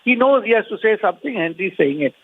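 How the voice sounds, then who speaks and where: A man debates combatively over a tinny, phone-like connection, his voice fairly high. He pushes rhetorical questions again and again, dotting his speech with uh and um. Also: animated, fast talker, slightly rough. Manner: argumentative, rhetorical questions, many fillers. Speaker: opposition party leader. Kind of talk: remote debate panelist. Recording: phone-like remote line.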